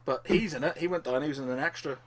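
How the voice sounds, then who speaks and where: A man's voice: fairly high pitch, fast, a little hiss or hum. Rambling, laughing man. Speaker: podcast co-host. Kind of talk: casual chat.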